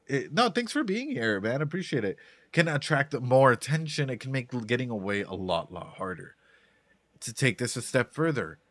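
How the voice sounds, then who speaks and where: A man's voice: medium pitch, a bit bright, no echo. Male streamer, chatty reaction host, stumbles and repeats himself, dry close sound. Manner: rambling, repeats words, talks to chat. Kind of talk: casual live-stream commentary.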